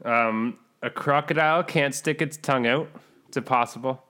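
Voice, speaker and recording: A man's voice: medium pitch, moderate pace. A man co-hosting a podcast who jokes and laughs a lot in casual chat. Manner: lively, laughing, joking. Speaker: podcast co-host.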